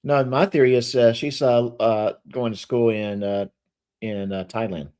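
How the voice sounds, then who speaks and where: A man's voice: medium pitch, a little slow. A man hosting a casual livestream chat, joking and filling with restarts. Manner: animated, jokey, many fillers and restarts. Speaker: livestream host.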